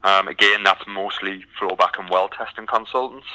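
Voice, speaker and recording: A British man from the UK, a guest from a recruitment company, answers interview questions in a relaxed way, with many ums and restarts. His voice sits low at a moderate pace, and the audio is poor.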